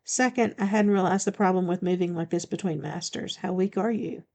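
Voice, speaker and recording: A woman's voice: on the low side, a little fast, gravelly, a little mellow. A woman reading the part of a blunt, commanding male shifter bodyguard in an audiobook, speaking firmly and matter-of-factly.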